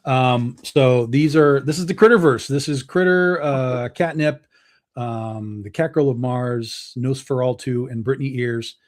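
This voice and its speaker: A man's voice: medium pitch, measured pace. A man appearing as a guest on a video-call show, talking casually about his comics company with many fillers. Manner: relaxed, filler-heavy, many restarts. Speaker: comic book publisher guest. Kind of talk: casual chat.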